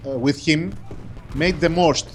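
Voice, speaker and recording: A man with a Greek accent speaks English as a second language, his voice sitting a little high for a man. He talks in a halting, formal way, filling pauses with "uh". A faint hiss of background noise runs under him. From Greece. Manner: halting, formal phrasing with many fillers. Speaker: game developer. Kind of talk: casual gaming chat.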